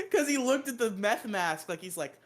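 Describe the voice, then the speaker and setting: With an extremely high voice that swoops wildly in pitch, a podcast host recaps a movie a little slowly, laughing frequently, swearing casually and acting out quotes for his casual review show.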